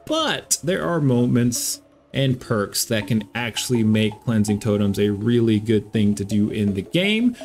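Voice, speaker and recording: A man's voice: a little high, a little mellow. A man in an upbeat way explaining game builds to viewers, often calling them "guys". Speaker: gaming YouTuber.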